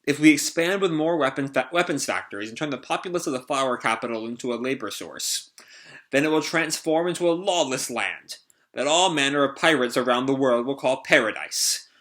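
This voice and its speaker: A man reading the lines of a huge, menacing male pirate emperor who makes booming proclamations, in a bright voice. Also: lively intonation, brisk, close to an everyday voice. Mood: proclaiming.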